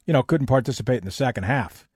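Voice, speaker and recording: Measured male sports commentator. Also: mid-range voice, animated, a little mellow, breathy edge, no echo, clean studio sound. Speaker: sports commentator on a played clip.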